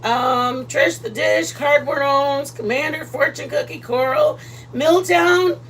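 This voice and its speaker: A woman hosting a casual cooking livestream from her home kitchen, chatty and playful, greeting viewers by name with loud excited bursts. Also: high voice, slow pace, a little hiss or hum, rough recording.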